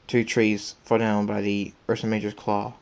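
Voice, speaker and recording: A man reading his own fan story aloud, plain and even, with small restarts. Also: on the low side, moderate pace, creaky.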